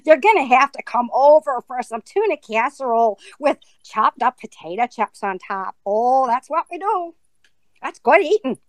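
A bright, loud and folksy Minnesota housewife, as a woman puts her on, all drawn-out vowels and homey cheer. She talks in a high, cheerful lilt, well above the performer's usual voice. The sound is close and dry. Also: big pitch swings, dry recording.

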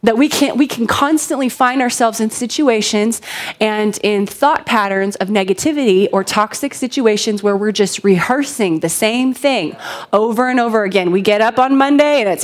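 Woman pastor, 30s, animated and talky, keeps asking the congregation questions; slightly higher voice. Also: moderate pace. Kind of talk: conversational sermon with personal stories.

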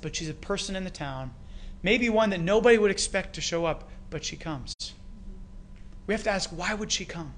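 A Canadian man preaching a sermon, retelling a story with rhetorical questions and lively emphasis. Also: high voice. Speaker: pastor.

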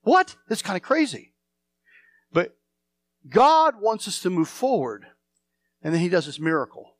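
Male pastor, sermon delivery, very animated pitch, dry recording. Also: unhurried, no room sound. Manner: emphatic, repeats phrases, swings between loud and hushed.

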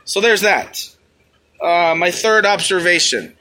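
A man's voice: fairly high pitch, animated, moderate pace, bright, forceful tone. A man hosting a podcast, ranting in a crude, rambling, heavily profane comic style. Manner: crude, rambling, heavy swearing. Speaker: podcast host. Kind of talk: casual profane comic rant.

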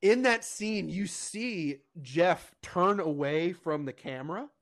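A man's voice: sits high, animated, takes it slowly. A young man co-hosting a casual podcast, rambling with restarts and laughing often. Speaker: podcast co-host. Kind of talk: casual chat.

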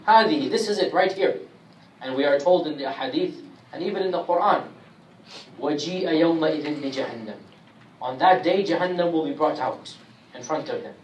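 A man teaching a Quran commentary class, speaking emphatically and reciting Arabic verses rapidly. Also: a little high, a little mellow. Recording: echoey room, distant mic, faint hiss.

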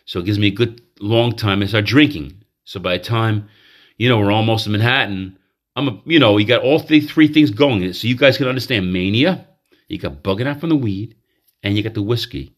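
Speaking in a manic state, a male podcast host rambles confessionally, breaking off and starting over throughout his monologue. His voice is on the low side with a fairly bright tone.

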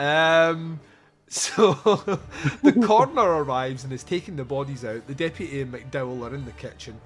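A man's voice: medium pitch, animated, moderate pace, faint music behind. A man hosting a podcast, reviewing a film in casual comic chat, laughing often and swearing as he acts out scenes.

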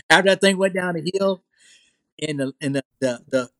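With a Southern US accent, this Louisiana man is a podcast guest relating a personal story eagerly, echoing his own phrases and checking in with whoever's listening. His voice runs a little high at a measured pace, and there's no room sound.

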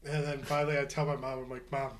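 A man's voice: on the high side, flat delivery, fast talker, crowd noise. A man co-hosting a podcast, telling a crude story in casual chat, swearing freely and laughing as he goes. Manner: profane, laughing anecdote teller. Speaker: podcast co-host.

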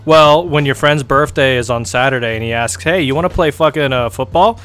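A man's voice: medium pitch, brisk, a bit bright. A man in his thirties joking crudely in a casual podcast chat. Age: 30s. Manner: joking, puts on voices of others. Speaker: podcast co-host.

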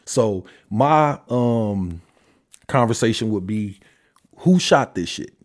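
Animated but slow-paced, this man vents on his own podcast in a heated, profane, emphatic rant. When pressing a point his voice leaps sharply higher, and afterward it sinks into sighs and tired, low muttering.

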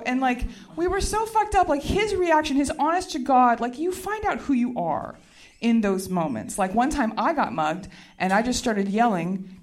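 This stand-up comedian is a woman performing for a live audience, spinning a chatty, meandering story while laughing as she goes. Her pitch is fairly high, her delivery animated, and she talks at a normal speed.

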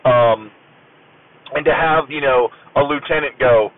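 Man in his car, mid-pitch, loose storyteller full of ums and cussing; thin phone-quality sound, faint road hum. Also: unhurried. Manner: rambling, lots of fillers, casual swearing. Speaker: veteran recalling military service. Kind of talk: casual storytelling monologue. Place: in a car while driving.

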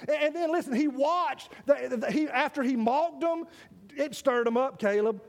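A male preacher with a strikingly high voice gives a lively, animated sermon at normal speed. He addresses his congregation directly, calling people by name, and stammers over repeated words as he restarts and presses on.

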